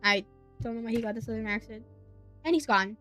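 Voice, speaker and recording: A woman streamer reading a visual novel aloud, reacting with giggly, excitable asides. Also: fairly high pitch, fast talker, faint music behind.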